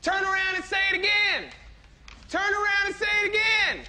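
A man voicing a crude, loudmouthed male president who yells profanity at a play. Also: extremely high pitch, normal speed, slight background noise, exaggerated voice. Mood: belligerent. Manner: profane, yelling, repeating himself.

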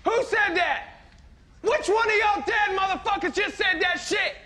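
A man voicing a crude, loudmouthed male president who yells profanity at a play. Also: very high voice, a little slow, full character voice. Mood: belligerent. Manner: profane, yelling, repeating himself.

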